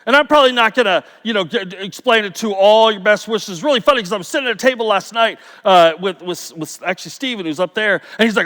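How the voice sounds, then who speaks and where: A middle-aged man giving a conference talk, telling stories with jokes in an animated, playful way. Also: high-pitched, fast, hardly any pauses. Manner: storytelling, jokey, animated. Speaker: conference speaker. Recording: reverberant hall.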